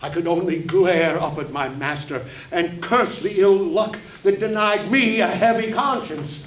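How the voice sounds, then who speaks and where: Wry male stage storyteller, high voice. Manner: wry, measured, dramatic. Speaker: actor narrating as the author. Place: theater stage before an audience. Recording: roomy hall, distant mic, faint hiss.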